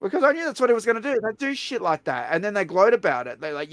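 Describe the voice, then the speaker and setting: An Australian man hosting a stream, telling a story in a blunt, profane, animated way. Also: high-pitched, quick pace, dry recording. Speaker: streamer host. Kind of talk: casual storytelling chat.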